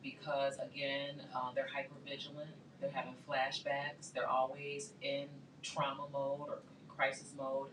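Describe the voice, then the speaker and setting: Deep-voiced lady explaining stuff, echoey room with background noise. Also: monotone, a little slow, hardly any pauses. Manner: explaining, uses simple comparisons. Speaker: guest speaker. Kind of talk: casual studio discussion. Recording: echoey studio, mic at a distance, faint hum.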